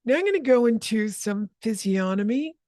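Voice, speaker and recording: A woman leading a spoken energy healing session, explaining calmly and correcting herself as she goes. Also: on the high side, normal speed, no room sound, clean studio sound. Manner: explanatory, self-correcting, calm.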